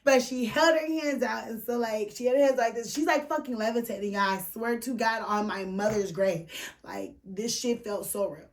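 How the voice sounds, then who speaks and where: A woman's voice: on the high side, moderate pace, distant mic. A woman hosting a podcast, telling a personal story in a candid, profane way full of filler words. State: emotional, near tears at moments. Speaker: podcast host. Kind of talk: casual storytelling.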